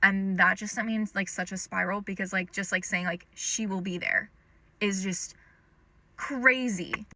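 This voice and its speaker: A young woman with a bright, clear voice tells a personal story straight to the camera. She talks in a loose, chatty way, with lots of "um" and "like" as she goes. The sound is close and dry, with no room echo. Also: mid-range voice, fairly even intonation, normal speed. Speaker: storytime creator. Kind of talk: casual storytime monologue.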